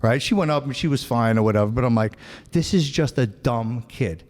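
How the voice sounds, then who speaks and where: A man's voice: mid-range voice, lively intonation, a little fast, a little mellow. A man with a New York accent telling rambling, profane stories as a podcast host, tossing in "right?" and "bro" constantly. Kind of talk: casual chat. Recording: long hall reverb.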